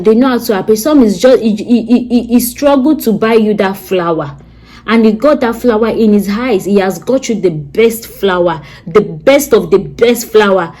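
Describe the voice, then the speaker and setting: Vlogger, woman, thirties, preachy advice delivery, somewhat high voice. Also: a little mellow, low-quality recording. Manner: earnest, preachy, repetitive. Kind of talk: advice monologue to camera.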